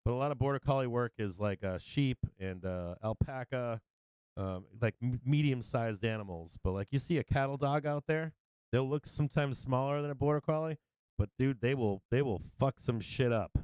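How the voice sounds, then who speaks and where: A man's voice: mid-range voice, normal speed, a little mellow, smooth, dry recording. A man hosting a livestream, telling rambling stories in casual chat, swearing and laughing often. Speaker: livestream host.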